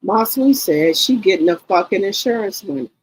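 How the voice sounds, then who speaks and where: A woman in her sixties chats on a live stream. Her voice is husky and her pitch sits in the middle. She talks in an animated, profane way, repeating comments and calling viewers sweet names. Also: normal speed, low-quality recording. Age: 60s. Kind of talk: casual live-stream chat.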